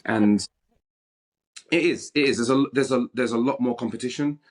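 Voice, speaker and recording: A British actor speaking as a guest in an interview, frank and animated, often restarting his sentences. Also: mid-range voice, moderate pace. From Britain. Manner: frank and animated, with many repeated starts. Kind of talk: candid interview conversation.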